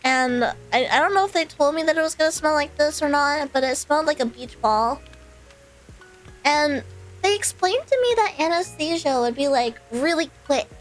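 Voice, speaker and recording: A woman streamer with a high, lively voice tells a personal story at normal speed, rambling casually with lots of fillers and little laughs between phrases. Faint music plays behind her, and the audio quality is poor.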